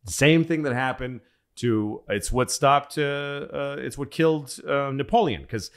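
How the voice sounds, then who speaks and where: A man's voice: mid-range voice, a little slow. A man hosting a comedy podcast who tells history stories in a rambling, profane, casual way. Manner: rambling, profane, restarts often. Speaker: podcast host.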